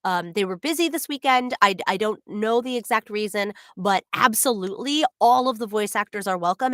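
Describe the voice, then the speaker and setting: A woman's voice: mid-range voice, a bit bright, no echo, studio quality. A young adult woman, a voice actor, chatting casually on a livestream, answering fan questions with many ums and giggles.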